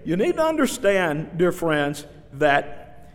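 A man's voice: fairly high pitch, big pitch swings, takes it slowly. A male pastor preaching an expository sermon, earnest and dramatic, who acts out the dialogue of scripture. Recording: long reverb of a large hall.

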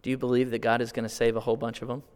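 A man from California preaching a sermon, asking the congregation questions and swinging between quiet asides and loud, drawn-out appeals. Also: medium pitch, level tone, smooth. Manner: asks the congregation direct questions. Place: church sanctuary. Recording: long hall reverb.

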